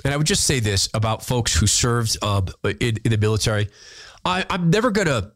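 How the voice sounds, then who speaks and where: Earnest man host with lively pitch. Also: no room sound. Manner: earnest, openly emotional; halting, repeats words when moved. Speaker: podcast host. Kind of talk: reading listener letters and commenting.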